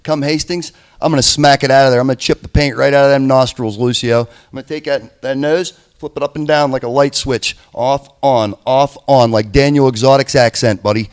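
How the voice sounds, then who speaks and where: A man's voice: medium pitch, fairly even intonation, a little fast, hardly any pauses, smooth. Folksy trash-talking male wrestler. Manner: folksy, rhyming insults, calls his rival "buddy".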